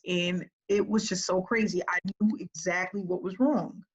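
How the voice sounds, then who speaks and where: A woman business coach talking to her group in a casual, energetic way, often checking in with "right?". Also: on the low side, normal speed, husky, poor audio.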